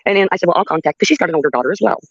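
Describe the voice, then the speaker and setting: Fast-talking, blunt older woman. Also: lowish voice, breathy edge, dry recording, lo-fi sound. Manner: blunt and profane, laughs between sentences. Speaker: livestream host. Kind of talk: casual storytelling.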